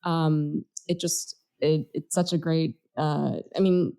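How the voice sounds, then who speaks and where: A woman's voice: deep voice, steady tone, takes it slowly, mellow. A woman co-hosting a political podcast, talking in an earnest, reflective way and thinking aloud as she goes. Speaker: podcast co-host. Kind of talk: casual political chat.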